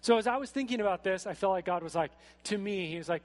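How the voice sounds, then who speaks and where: A man preaching a sermon in a church, speaking in a casual, animated way with frequent fillers. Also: sits high, quick pace. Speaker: pastor. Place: church sanctuary. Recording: echoey hall.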